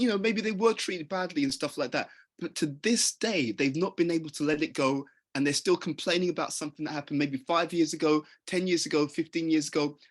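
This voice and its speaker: Husky-voiced man giving an earnest motivational talk. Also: on the high side. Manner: earnest, conversational, poses questions to listeners. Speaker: motivational speaker.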